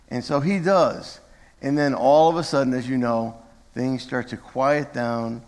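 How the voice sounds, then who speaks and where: Guy preaching to his church, chatty and relaxed, lots of long hall echo. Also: medium pitch, unhurried. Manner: conversational, with self-corrections and asides to the congregation. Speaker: pastor. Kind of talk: sermon. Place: church sanctuary.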